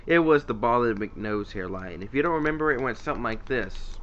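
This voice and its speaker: A man's voice: mid-range voice, animated, brisk, hardly any pauses, fairly bright tone, highs cut off. A man casually rambling about his favorite voice actors in an unscripted vlog, with lots of fillers and restarts. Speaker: YouTuber ranking voice actors.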